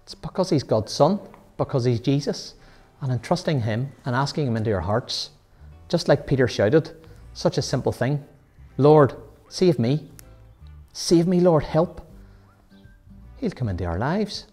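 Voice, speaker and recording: Man doing a sunday school bible talk, mellow voice, keeps asking "don't we all", faint music behind. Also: mid-range voice, big pitch swings, moderate pace, slightly rough. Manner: earnest, asks many rhetorical questions. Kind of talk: children's Bible lesson.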